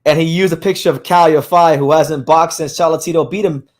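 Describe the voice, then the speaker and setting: A man with a slightly high voice, hoarse today, hosts a live boxing news stream. He talks loosely and casually, circling back on his words with lots of fillers and restarts as he runs through fight news. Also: steady tone, a little fast. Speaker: boxing podcast host.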